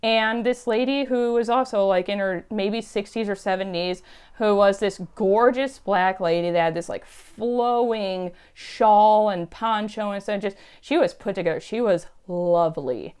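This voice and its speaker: A woman's voice: medium pitch, unhurried, darkish tone, clear, resonant tone. A woman telling stories in a chatty, emphatic way on her casual vlog. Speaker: YouTube vlogger.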